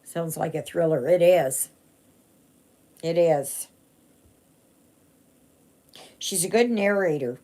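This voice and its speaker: A woman's voice: on the low side, measured pace, mellow. A woman, chatting casually and rambling with many fillers and restarts while she stitches on a live stream. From Canada. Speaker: cross-stitch vlogger.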